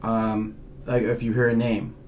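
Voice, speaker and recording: Low-voiced man in casual chat. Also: monotone, unhurried, a little mellow, slight background noise. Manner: rambling, restarts sentences. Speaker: paranormal investigator, co-host.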